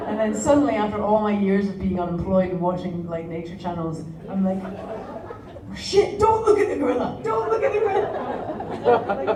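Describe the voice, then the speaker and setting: A woman singer telling a lively, animated story to a live audience between songs, acting out her own reactions with laughs and swearing. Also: reverberant. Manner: animated, acts out quotes with big pitch jumps, laughs and swears. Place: music venue, live show. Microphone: fan's handheld recorder in the audience. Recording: distant audience recording with crowd noise. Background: crowd murmur and laughter.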